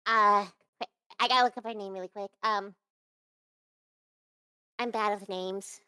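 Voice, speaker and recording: Young woman vtuber rambling on a stream interview, smooth clean voice, dry close sound, lots of likes and restarts. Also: mid-range voice, steady tone, measured pace, sharp tone, no echo. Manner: rambling, many fillers and restarts. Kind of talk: casual interview chat.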